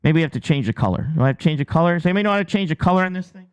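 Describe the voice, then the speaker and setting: A US man hosts his own channel, casually explaining something with on-screen drawings and joking along the way. He's chatty, restarts a lot, and keeps checking in with "okay?" His voice is a little high and smooth, with lively intonation and a rapid-fire pace.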